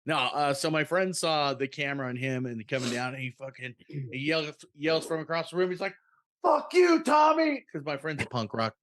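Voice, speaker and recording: A man's voice: medium pitch, a little fast, fairly bright tone, dry recording, clean studio sound. A man co-hosting a podcast in casual chat, loose and profane, stopping to explain things to a co-host.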